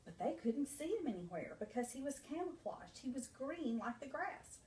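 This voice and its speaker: Preschool teacher lady reading a story to kids, bright high voice, echoey room, mic far off. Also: normal speed, a little hiss or hum. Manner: animated, asks the children questions. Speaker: nursery school teacher. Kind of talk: reading a storybook to young children.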